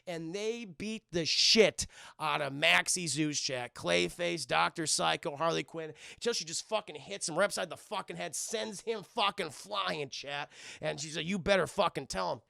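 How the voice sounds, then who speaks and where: Gravelly, bright-voiced man recapping a cartoon. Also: a little high, measured pace, no echo, studio quality. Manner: animated, swears constantly, addresses chat. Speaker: cartoon reviewer, livestreamer. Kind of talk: casual profane livestream recap.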